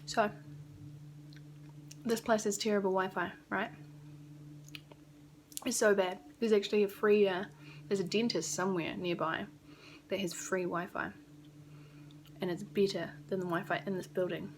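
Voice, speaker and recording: A woman's voice: mid-range voice, fairly even intonation, normal speed, pauses often, a little hiss or hum. A young woman from New Zealand with a New Zealand accent, rambling casually and swearing now and then in a vlog recorded in a small rented apartment. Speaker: vlogger.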